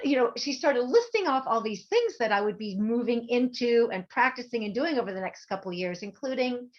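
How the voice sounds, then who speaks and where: A woman guest telling an emotional personal story in an earnest, halting way, with many fillers. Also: a little high, expressive, lo-fi sound.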